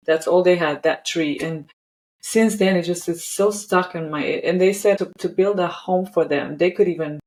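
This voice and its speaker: A woman's voice: on the low side, moderate pace, darkish tone, rough recording. A woman hosting a podcast interview, effusive and enthusiastic, often restarting her sentences. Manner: effusive, stumbles over words. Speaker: podcast host. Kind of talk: casual interview chat.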